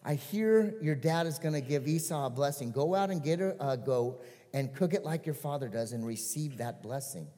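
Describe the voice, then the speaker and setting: A man voicing a scheming mother who urges her favorite son, in a hushed, coaxing tone. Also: a little high, expressive, normal speed, voice pushed down, close to an everyday voice. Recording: long church hall reverb.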